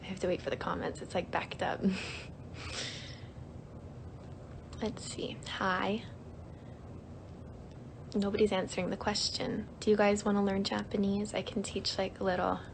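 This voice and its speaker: A woman's voice: medium pitch, little pitch movement, unhurried, creaky, pauses often, noisy background. A young woman hosting a casual livestream, chatty and giggly, reading out viewer comments while she teaches a few easy phrases. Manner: giggly, chatty, lots of fillers; reads comments aloud. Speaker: livestream host.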